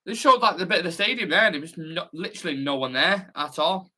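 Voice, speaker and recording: Brash Mancunian man, bright voice. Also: a little high, quick pace. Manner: chatty and excitable, reads comments aloud; brash, swears casually. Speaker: football watch-along host. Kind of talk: casual live-stream chat.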